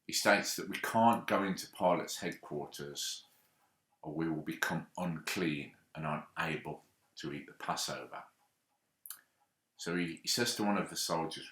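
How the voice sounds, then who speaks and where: A man's voice: extremely low pitch, a little slow, a bit bright, echoey room. A man leading a church group, retelling a Bible story with small restarts as he goes. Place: church hall.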